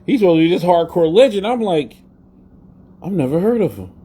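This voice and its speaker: A man's voice: sits high, big pitch swings, a little fast, dark tone, slightly rough. A man hosting a live wrestling talk show in a blunt, profane, rambling way. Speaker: podcast host. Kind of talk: casual live-stream rant.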